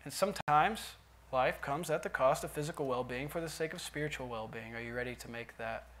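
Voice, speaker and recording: A man preaching a sermon in a church, dropping to quiet asides and rising to loud emphatic lines. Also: mid-range voice, a little fast, a little hiss or hum. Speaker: pastor.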